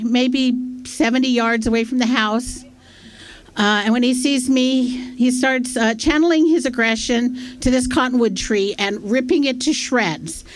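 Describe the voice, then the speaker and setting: Chatty, self-deprecating woman telling a story. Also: a little high. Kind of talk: live storytelling, casual anecdote. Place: stage at a small-town storytelling festival.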